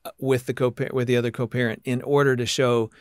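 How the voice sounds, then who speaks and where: With a steady, deliberate delivery, a male podcaster frames lengthy questions for his interview guests. His mid-range voice sounds clear and resonant, and the recording is dry and close, with almost no sense of the room.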